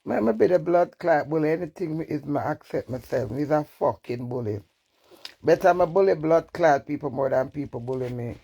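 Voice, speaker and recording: A woman's voice: sits low, lively intonation, a little fast, vocal fry, dark tone, breathy edge, highs cut off. A woman with a Jamaican accent, talking bluntly and profanely in a candid live-stream rant, swinging between defiance and emotion. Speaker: social media personality.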